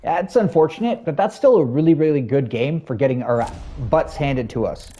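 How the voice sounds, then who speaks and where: A Canadian guy streams a game and chats casually, his voice a little high, animated and brisk with a dark tone. He talks in Canadian English, calls out chat and viewers by name, and keeps things friendly with lots of fillers.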